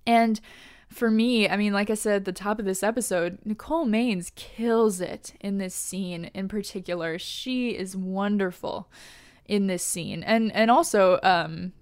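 A woman hosting a podcast, recapping an episode in a casual, animated way. She laughs often and swears casually. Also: medium pitch, a little slow, clean tone, dry recording, studio quality. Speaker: podcast host.

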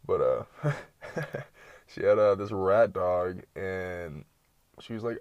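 A man's voice: on the low side, unhurried, no room sound, highs cut off. A young man telling rambling, profane stories in a slangy, casual late-night monologue full of tangents.

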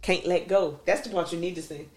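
A woman's voice: on the low side, fairly even intonation, a little fast, reverberant. A woman hosting a podcast, talking in blunt, joking, emphatic banter. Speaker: podcast host. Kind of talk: casual banter.

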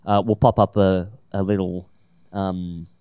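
Low smooth man, dry close mic. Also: flat delivery, dark tone, no echo, lo-fi sound. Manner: emphatic, quick to agree, repeats words when starting. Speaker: podcast co-host. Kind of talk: casual opinionated chat.

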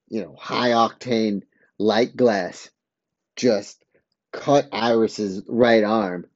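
A man's voice: mid-range voice, mellow, no echo, highs cut off. A man casually recapping a TV episode, rambling with many fillers and quoting the characters' lines. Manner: rambling, filler-heavy retelling with quoted dialogue.

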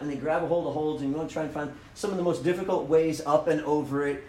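A man telling a story in a casual talk, animated, often laughing and acting out the lines he quotes. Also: on the high side, fast, few pauses, echoey room, slight background noise, rough recording. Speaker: speaker telling a running story.

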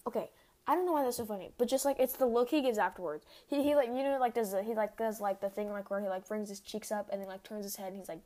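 A woman's voice: medium pitch, a little mellow. A young woman hosting a casual solo podcast, rambling with many fillers. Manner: rambling, heavy use of "like", quick laughs. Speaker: podcast host.

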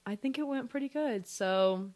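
A woman's voice: on the high side, moderate pace, a little mellow. A young woman co-hosting a podcast, telling a story in casual chat with her sister and laughing often. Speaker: podcast co-host.

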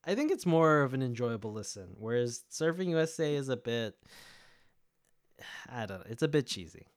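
A man's voice: mid-range voice, big pitch swings, moderate pace, no room sound, studio quality. A man co-hosting a music podcast in casual chat, rambling with many fillers and self-interrupting asides. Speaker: podcast co-host.

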